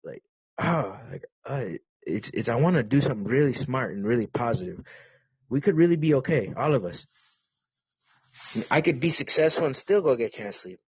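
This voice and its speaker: Husky crude-talking podcast host man. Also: mid-range voice, animated, normal speed, darkish tone, dry recording, dull audio. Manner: crude, rambling, many restarts, teasing. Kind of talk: casual rambling podcast rant.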